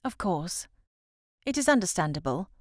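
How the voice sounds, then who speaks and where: A woman narrating a novel in the first person as an audiobook, with expressive, measured storytelling. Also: fairly low pitch, dry recording, clean studio sound.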